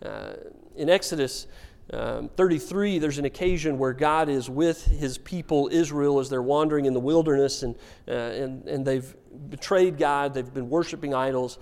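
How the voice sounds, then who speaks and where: A man preaching a sermon as pastor, telling stories with wry humor in an animated way. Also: mid-range voice, normal speed, vocal fry.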